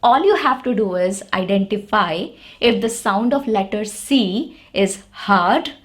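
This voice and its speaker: A woman's voice: medium pitch, lively intonation, a little slow. A woman teaching an English lesson, explaining patiently step by step and repeating the example words.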